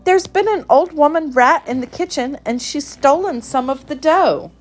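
A woman's voice: high voice, moderate pace, faint music behind, pitched above the performer's own voice, natural voice. A woman voicing a frightened little kitten girl who cries out her news. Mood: alarmed. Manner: crying out, tattling.

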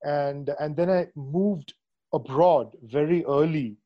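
A man's voice: on the high side, slow, muffled recording. A man hosting a conversational interview over a video call, thoughtful and hesitant, with many fillers and restarts. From India. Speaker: podcast host. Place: Srinagar.

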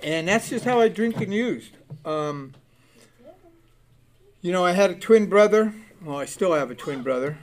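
This high-pitched man in his sixties, from Southern California, tells his recovery story in a lively, unhurried way with frequent pauses. He's blunt and profane, acting out the characters as he gives his personal testimony.

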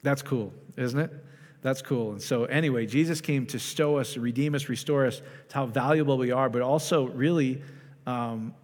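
A man's voice: medium pitch, moderate pace, darkish tone. A man preaching a casual, conversational sermon, often asking the congregation questions and restarting his sentences. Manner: chatty, asks the congregation questions, many restarts. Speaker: pastor. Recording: long hall reverb.

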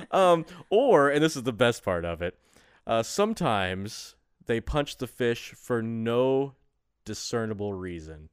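A man co-hosting a chatty podcast, telling odd stories in a rambling, jokey way and laughing often. His pitch swings widely. The recording is close and dry, with no room sound. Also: big pitch swings, slow, clear, resonant tone, no room sound. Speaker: podcast co-host. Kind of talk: casual chat.

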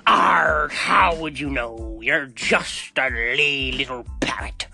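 Grumpy pirate captain growling arr, bright pushy voice, guy hamming it up. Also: medium pitch, slow pace, creaky, faint music behind, exaggerated voice. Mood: angry.

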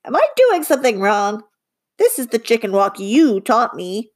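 A woman reading an audiobook, voicing a small green creature who speaks slowly in stiff, formal phrases. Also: fairly high pitch, sing-song. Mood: patient, hurt. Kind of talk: audiobook character voice.

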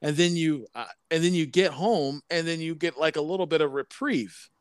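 Halting, fairly high-voiced man chatting on a podcast. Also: smooth, no echo. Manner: halting, repeats words and restarts often. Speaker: podcast co-host. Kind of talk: casual podcast chat.

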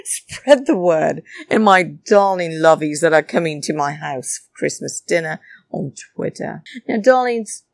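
A woman's voice: deep voice, lively intonation, measured pace, creaky, no room sound. A woman ranting heatedly to her listeners, swearing and calling them darlings. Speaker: podcast or vlog host. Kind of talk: casual rant. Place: flat in a big city.

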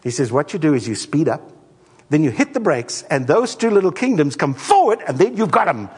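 A middle-aged man preaching a sermon as a pastor, an animated storyteller who acts out the voices in his stories. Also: a little high, a little fast, slightly rough, big-room sound.

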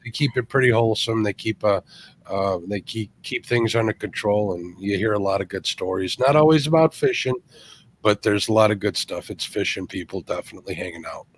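A man's voice: fairly low pitch, brisk, slight background noise. A man co-hosting a live stream giveaway, bantering and greeting viewers by name. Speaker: co-host running a giveaway. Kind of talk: casual live-stream chat.

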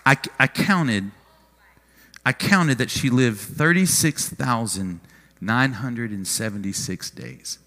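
A man's voice: mid-range voice, bright, forceful tone. A man in a church preaching as pastor, in a fervent, declaring style. His voice sits in an ordinary middle range. It is caught with a long reverb that trails off in the sanctuary. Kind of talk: sermon.

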